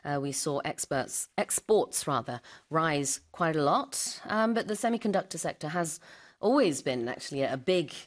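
A woman co-hosting a bilingual news lesson, explaining English terms and switching into Korean to translate. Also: low-pitched. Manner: brisk, lively, switches into Korean.

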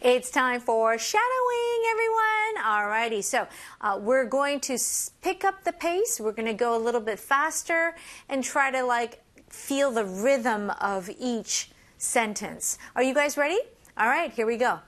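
A woman teaching English phrases to learners, switching between languages, modeling lines slowly and laughing between points. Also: high-pitched, expressive, fairly bright tone. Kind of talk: bilingual language lesson.

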